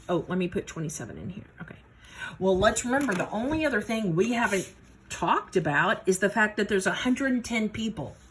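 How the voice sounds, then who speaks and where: A woman's voice: medium pitch, fairly bright tone, breathy edge. A woman teaching math in a casual, folksy way, talking herself through each step of a problem. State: a little out of breath. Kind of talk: casual worked-problem lesson.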